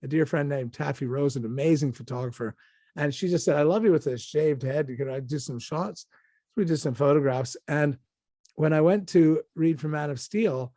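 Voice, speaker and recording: A man's voice: a little high, normal speed, warm tone, dry recording, studio quality. An older male actor, a guest on an interview show, telling anecdotes casually with many restarts and acted-out quotes.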